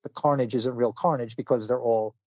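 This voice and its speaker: Male podcast co-host, middle pitch, rambling plot summary, slightly dull, dry recording. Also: steady tone, a little fast, dry recording. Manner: rambling plot recap with fillers. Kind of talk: casual comic review chat.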